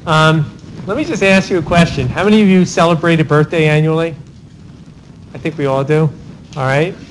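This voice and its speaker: A male law professor teaching a class Socratically, calling on students by name and checking answers with quick "right?" tags. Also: fairly high pitch, steady tone, slight background noise, rough recording. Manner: rapid cold-calling of students, tag questions like "right?". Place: university classroom.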